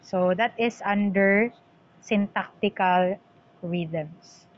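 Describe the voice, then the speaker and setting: A woman's voice: medium pitch, slow pace, lo-fi sound, a little hiss or hum. A woman teacher giving an online lecture, explaining terms and switching between English and Cebuano.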